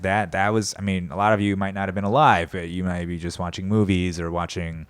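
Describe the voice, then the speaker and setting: A man's voice: low-pitched, steady tone, fairly quick, hardly any pauses, clean tone, no echo, studio quality. A man in his thirties ranting casually and profanely, mocking politicians in put-on voices. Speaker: podcast host. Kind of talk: casual rant.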